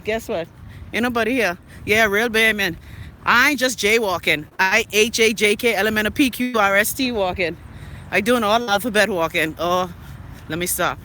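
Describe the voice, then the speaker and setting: Sassy Bahamian woman walking through traffic. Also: a little high. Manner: chatty, sassy, playful. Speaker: vlogger. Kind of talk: casual live-stream chat while walking. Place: city street outdoors, walking. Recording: street traffic noise behind. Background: traffic noise.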